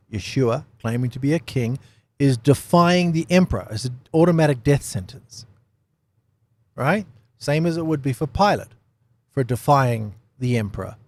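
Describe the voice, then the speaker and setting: A man giving an unscripted Bible study talk, animated, with lots of rhetorical questions and repeated phrases. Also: fairly high pitch. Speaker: Bible teacher.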